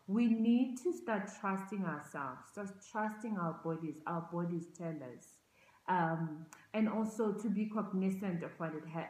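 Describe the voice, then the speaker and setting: A woman's voice: on the low side, darkish tone. A woman giving an earnest, reflective talk, often repeating words and restarting her phrases as she searches for them. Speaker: speaker on racial oppression. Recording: roomy echo.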